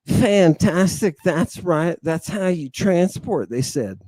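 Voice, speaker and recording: A middle-aged man hosting a lecture for an online audience, theatrical and sighing, swinging from booming declarations to muttered asides. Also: lively intonation, takes it slowly, darkish tone, no room sound. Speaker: host.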